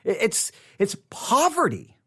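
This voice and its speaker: Earnest male Bible study teacher, high and very animated voice, stumbles and restarts, repeats for emphasis. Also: takes it slowly, husky.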